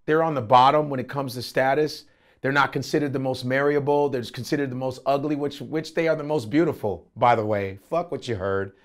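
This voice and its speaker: A man, a comedian being interviewed, talking in an animated, emphatic way with plenty of profanity. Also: medium pitch, brisk. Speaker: comedian guest. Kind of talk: casual interview talk.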